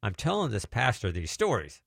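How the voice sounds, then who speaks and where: A middle-aged man telling lively deliverance stories in a casual way, acting out the voices of the people he quotes. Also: mid-range voice, normal speed, vocal fry, no echo, studio quality. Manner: animated, acts out quoted voices. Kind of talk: casual storytelling testimony.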